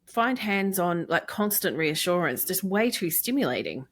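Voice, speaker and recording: A woman with a somewhat low voice chats on a podcast about baby sleep. She speaks emphatically and informally, encouraging the listener. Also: big pitch swings, normal speed. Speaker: infant sleep consultant co-host. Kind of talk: casual podcast chat.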